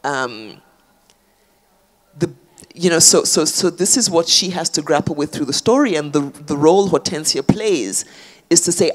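A woman's voice: sits low, lively intonation, moderate pace. Woman, thoughtful and searching. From South Africa. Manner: thoughtful, frequent fillers and restarts. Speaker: author guest. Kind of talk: public conversation on stage.

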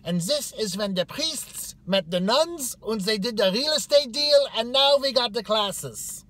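A man voicing a stern, rigid woman who runs an orientation in a clipped, commanding, loud way. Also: very high-pitched, expressive, unhurried, pitched above the performer's own voice, exaggerated voice. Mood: stiff commanding.

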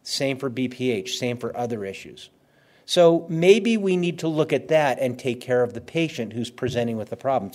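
A man's voice: mid-range voice, a little mellow. A man giving a conversational medical lecture, stressing key words and repeating them for emphasis. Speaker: physician lecturer.

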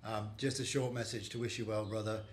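A man with a low voice sends a fond, brotherly goodbye to an old friend. His tone is affectionate and reminiscing. Faint background noise sits under his voice. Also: fairly even intonation, brisk. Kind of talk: casual video greeting.

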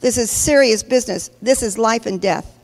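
Woman pastor, sermon, emphatic, slightly high voice, long hall reverb. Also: moderate pace. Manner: emphatic, questions the congregation directly. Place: large church hall.

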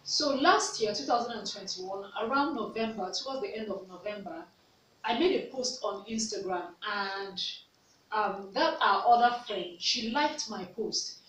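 A woman's voice: medium pitch, expressive, a little slow, fairly bright tone. A Nigerian woman vlogger telling a personal story, earnest, repeating herself for emphasis. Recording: echoey room, mic at a distance, faint noise.

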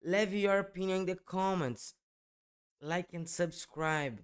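A man's voice: high-pitched, unhurried, smooth. A man hosting a reaction video, speaking hesitantly with repeated words and many fillers. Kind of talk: casual reaction commentary.

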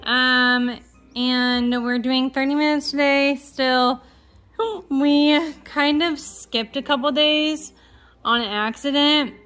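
Rambling young woman with a high voice. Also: little pitch movement, slow, fairly bright tone, faint music behind. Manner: rambling, filler-heavy, self-correcting. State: hiccups. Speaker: parent vlogger. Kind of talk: casual home vlog update.

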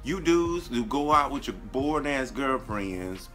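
A man in his late twenties giving a sassy, animated casual movie review, calling the viewer honey and jumping into a high voice when he quotes himself. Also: measured pace, soft background music. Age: late 20s.

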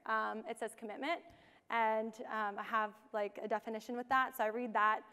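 A woman's voice: a little high, flat delivery, moderate pace, sharp tone, clean tone. A young woman giving a casual conference talk, full of ums and you-knows. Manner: casual, many fillers like um and you know. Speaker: conference speaker. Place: large conference hall. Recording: long hall reverb.

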